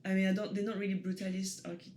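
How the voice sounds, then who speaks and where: A woman's voice: medium pitch, flat delivery, very fast, a little mellow. Hesitant French woman, chatty interview guest. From France, Paris suburbs. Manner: hesitant, many fillers and restarts, laughs easily. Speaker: guest photographer. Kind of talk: casual interview talk.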